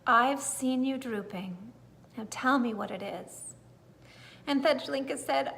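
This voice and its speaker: Lady reading a kids bedtime story, gentle and expressive, fairly high voice. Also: slow, creaky. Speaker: storybook reader.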